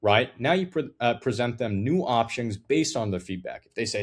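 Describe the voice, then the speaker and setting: A man's voice: medium pitch, fairly quick, hardly any pauses. A man teaching a sales call process, emphatic and direct, checking in with "okay?" and acting out sample lines for a client. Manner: acts out sample client dialogue in quotes. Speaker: sales trainer. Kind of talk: instructional talk to camera.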